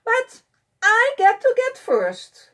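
A woman voicing a proud, chatty female caterpillar in a picture-book reading, with a high, excited storybook voice. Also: slow pace, recorded from a distance, full character voice.

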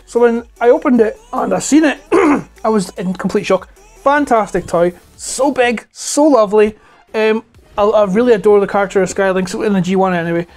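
Hoarse Scottish man in his forties. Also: sits high, brisk, a little mellow, faint music behind. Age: 40s. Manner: rambling, chatty, swears freely. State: hoarse, voice about to break. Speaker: toy collector vlogger. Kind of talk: casual chat to camera. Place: at home indoors. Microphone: clip-on lapel mic.

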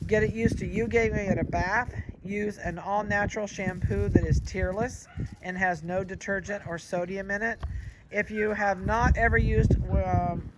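A man who breeds dogs, giving folksy, chatty advice outdoors in a yard and pausing to comment on the puppies. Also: high-pitched, fairly even intonation. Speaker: dog breeder. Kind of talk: casual outdoor advice talk. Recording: loud wind noise outdoors. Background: wind and puppies playing.

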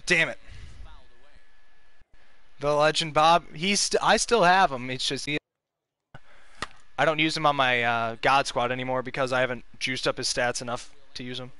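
A man's voice: medium pitch, fairly even intonation, normal speed, long pauses, sharp tone, smooth. A young man giving casual, profane gameplay commentary as a gaming video host, venting frustration and urging on his players.

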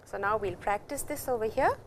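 A woman teaching a language lesson, explaining slowly and repeating each example sentence. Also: on the high side, a little hiss or hum, low-quality recording. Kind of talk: classroom lecture.

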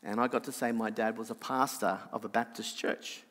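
A middle-aged Australian man with a nasal voice, telling a personal story in an animated sermon. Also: fairly quick, in a large hall. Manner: animated anecdotal, drops soft and low for reflection. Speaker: preacher.

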